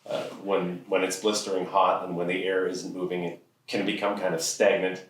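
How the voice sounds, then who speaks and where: A man tells funny stories about himself in a dry, self-deprecating way. His voice is low and deep. He is heard from a distance in a hall with strong echo. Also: flat delivery, moderate pace, a bit bright, slight background noise. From Ontario, Canada. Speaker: comic storyteller. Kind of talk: humorous personal monologue. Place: event hall. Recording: echoey hall, mic far off.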